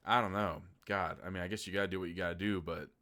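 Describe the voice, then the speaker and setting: Speaking fast with a low, steady, pushed and bright voice, a man from Oklahoma delivers a laid-back, sarcastic film review. He swears freely, acting out his incredulous reactions loudly.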